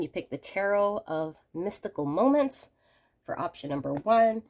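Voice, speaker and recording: A woman hosting a pick-a-card tarot reading, talking gently and reassuringly to viewers, her voice a little hoarse from a cold. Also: medium pitch, very animated, moderate pace. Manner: gentle, reassuring, addresses viewers warmly as friends. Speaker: tarot reader and channel host.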